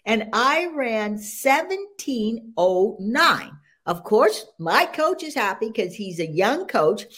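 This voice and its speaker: Animated older woman sprinter, high voice. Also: slow pace. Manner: animated, laughs often, proud. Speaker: interview guest, senior sprinter. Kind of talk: casual interview storytelling.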